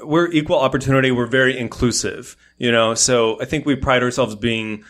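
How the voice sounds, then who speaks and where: Guy guest on a podcast just chatting, tells it animated, acts out the quotes, ordinary middle pitch. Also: a little fast. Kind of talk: casual chat.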